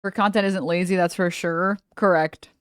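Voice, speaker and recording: A woman's voice: lowish voice, fairly even intonation, moderate pace, smooth, no echo, clean studio sound. A woman streamer chatting casually, rambling with lots of fillers and trailing off mid-thought. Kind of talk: casual live-stream chat.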